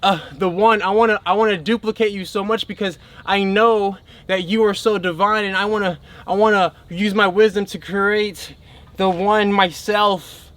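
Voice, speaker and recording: A man's voice: high voice, fairly even intonation, moderate pace, fairly bright tone. A man voicing a young female goddess who gushes with thanks and wants to please. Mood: gushing. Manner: effusive, thankful, eager to please.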